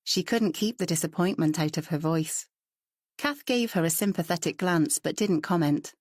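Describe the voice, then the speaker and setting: A woman narrating a novel in calm, even scripted storytelling. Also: lowish voice, normal speed, dry recording, clean studio sound. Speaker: audiobook narrator.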